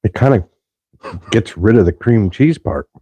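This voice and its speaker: A man's voice: fairly low pitch, animated, unhurried, warm tone, slightly rough, no room sound. A man chatting casually on a podcast, making dry, blunt remarks and teasing his friend. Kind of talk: casual chat.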